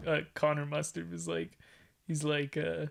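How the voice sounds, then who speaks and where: Young man, co-host. Gravelly, easygoing storyteller. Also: a little high, little pitch movement, measured pace. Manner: laid-back storytelling full of "like" fillers. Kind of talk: casual podcast chat.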